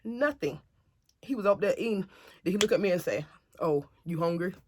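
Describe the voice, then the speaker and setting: A woman telling a family story to camera in a casual, animated way, acting out what others said. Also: medium pitch, fairly quick, noisy background. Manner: chatty, animated retelling that acts out other people's lines.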